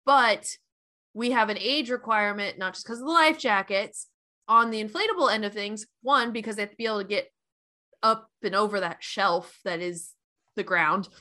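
A young adult woman co-hosting a casual podcast, playful and self-deprecating with quick asides. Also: mid-range voice, bright, forceful tone. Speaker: podcast co-host, aquatics director.

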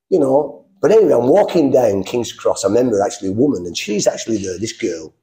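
Animated middle-aged man from England. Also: medium pitch, fast, hardly any pauses. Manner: animated, acts out quoted voices, frequent restarts. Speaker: guest telling his testimony. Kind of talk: casual storytelling.

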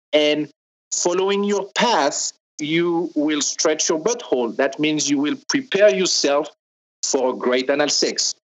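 A man with a strong French accent, a native French speaker, explaining carefully as a guest in an interview and pausing often. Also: a little high, poor audio. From France. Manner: careful, explaining step by step with many pauses. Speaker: guest, sex toy maker.

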